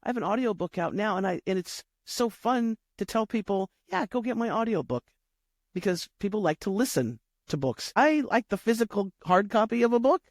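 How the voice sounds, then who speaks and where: A woman's voice: mid-range voice, animated, brisk, hardly any pauses, dry recording, clean studio sound. A woman who coaches podcasters, speaking as an interview guest in an upbeat, encouraging way. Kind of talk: interview conversation.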